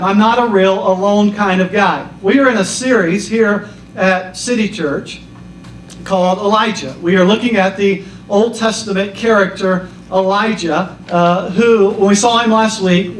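A male pastor preaching in a relaxed, chatty way, weaving jokes and stories into his sermon. His voice sits fairly high and carries through a reverberant church hall. The mic picks him up from a distance, with faint room noise behind him. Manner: casual storytelling with a joke. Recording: roomy echo from a distance.

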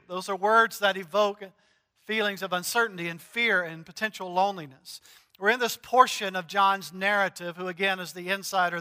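Bright-voiced pastor preaching in a church. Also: male voice, sits high, in a large hall. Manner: conversational preaching with frequent "uh" fillers and humor. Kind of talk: sermon. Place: church sanctuary.

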